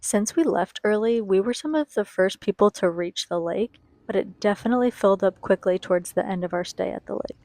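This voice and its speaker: A woman's voice: medium pitch, fairly quick, hardly any pauses, darkish tone, no room sound. A young woman giving a chatty, enthusiastic voice-over for a travel vlog and talking straight to her viewers. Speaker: travel vlogger.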